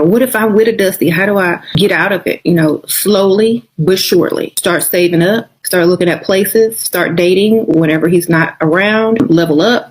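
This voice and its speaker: A woman's voice: on the low side, slightly rough. A woman giving blunt, playful relationship advice in a casual monologue. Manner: blunt and playful, acting out quotes with laughs.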